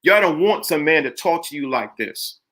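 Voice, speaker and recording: High, bright-voiced man preaching to viewers. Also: lively intonation, normal speed. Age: middle-aged. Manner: preachy and emphatic, repeats phrases for emphasis. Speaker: live stream host. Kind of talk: motivational live talk to viewers.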